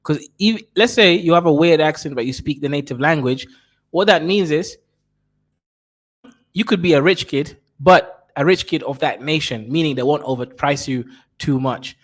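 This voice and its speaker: A man reacting to a video in casual commentary, animated and jokey. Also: normal speed. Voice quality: animated and jokey, with swings in pitch. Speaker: reaction streamer.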